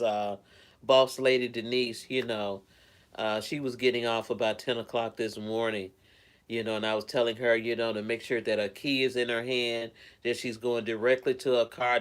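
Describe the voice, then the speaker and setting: A man chats with his viewers on a live stream from home, talking in a loose, rambling way. He greets people by name and sounds caring toward them. His voice sits at an ordinary middle pitch. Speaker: live streamer reading chat. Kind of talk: casual live-stream chat.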